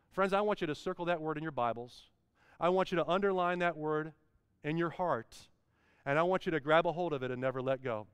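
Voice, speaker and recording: A male pastor delivers a sermon, his voice pitched high and resonant. He drives points home through repetition and swelling emphasis. The sound is close and dry, with no room around it. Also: fairly bright tone, clear, resonant tone, no room sound.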